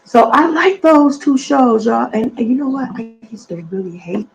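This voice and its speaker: A woman's voice: a little high, expressive, normal speed, gravelly, music in the background, poor audio. A middle-aged woman with a heavy voice, chatting casually from her apartment on a livestream, meandering with lots of fillers. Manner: chatty and meandering, with many fillers and lost trains of thought. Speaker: livestream host. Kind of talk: casual rambling chat. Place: apartment at home.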